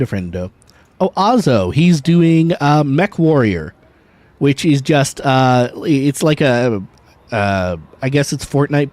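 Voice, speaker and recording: In a mid-range voice with a somewhat dark tone, a streamer banters with his viewers while gaming. He keeps things casual and jokey, swearing and laughing readily.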